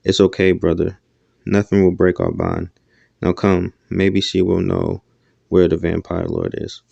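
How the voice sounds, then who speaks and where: A man voicing a loyal male angel who speaks in a calm, reassuring way on a dull lo-fi recording. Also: sits low, measured pace, creaky, dry recording, full character voice.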